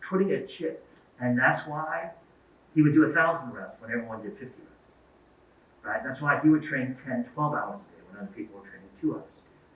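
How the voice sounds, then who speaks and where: A middle-aged man giving a talk to parents, telling anecdotes and acting out the dialogue in them. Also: mid-range voice. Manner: storytelling, acts out quoted dialogue. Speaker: guest speaker. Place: event hall. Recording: echoey, distant, phone-like lo-fi sound.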